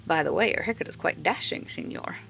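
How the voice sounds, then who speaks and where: A woman's voice: on the low side, a little fast, creaky, fairly bright tone. Woman playing a coquettish old Italian stallholder. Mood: flirty teasing. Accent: put-on Italian. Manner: teasing, coquettish, laughing.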